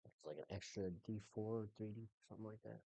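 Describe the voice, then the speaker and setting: A woman's voice: a bass voice, fairly even intonation, quick pace, creaky, dark tone, no echo. A woman running a tabletop game as game master, narrating in a casual, rambling way with swearing.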